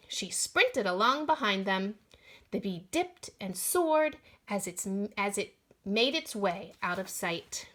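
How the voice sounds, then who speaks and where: A woman reading a children's storybook aloud in an expressive manner, voicing the sound effects along the way. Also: a little high, unhurried.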